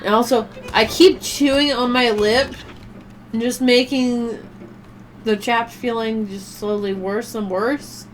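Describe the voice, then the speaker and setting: A woman's voice: fairly high pitch, fairly even intonation, slow pace, slight background noise. A woman streamer chatting casually while she plays a game, rambling and swearing offhandedly. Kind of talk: casual chat while gaming.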